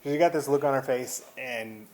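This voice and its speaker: A man's voice: medium pitch, normal speed, slight background noise. Rambling Texan man telling a story. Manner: rambling, animated, restarts. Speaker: vlogger. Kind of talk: casual storytelling to camera.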